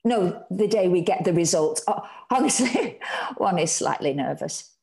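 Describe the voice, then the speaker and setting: A woman's voice: fairly low pitch, lively intonation, a little slow, creaky, a little mellow. A woman voicing a polite, refined employer who gets nervous and stammers.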